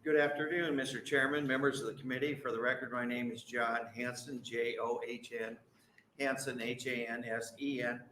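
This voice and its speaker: A man gives committee testimony in a candid, folksy way, pausing often on fillers. His voice is bright and forceful, and it rings in an echoey hearing room. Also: mid-range voice, flat delivery, slight background noise. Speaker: farm group president testifying.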